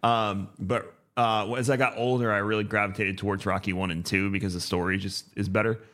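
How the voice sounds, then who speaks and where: This is a man in his thirties, co-hosting a relaxed podcast conversation. His voice sits very low. He rambles in an easygoing way, and his sentences are filled with ums and restarts. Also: brisk. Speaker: podcast co-host. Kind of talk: casual podcast chat.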